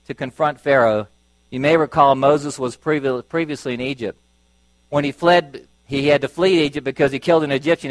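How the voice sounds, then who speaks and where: A man's voice: medium pitch, no echo, poor audio. A middle-aged man preaching a sermon, telling stories and acting out voices as he goes. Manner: storytelling, acting out voices with lively shifts.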